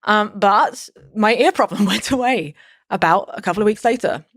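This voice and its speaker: A woman's voice: medium pitch, normal speed, no room sound, clean studio sound. A woman in her thirties, a podcast guest, telling a personal story in casual conversation, rambling with many fillers and restarts.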